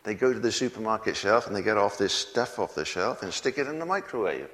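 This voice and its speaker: A man's voice: lowish voice, animated, quick pace, fairly bright tone. A man preaching a sermon in a folksy way, chuckling often and asking the congregation questions. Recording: long hall reverb.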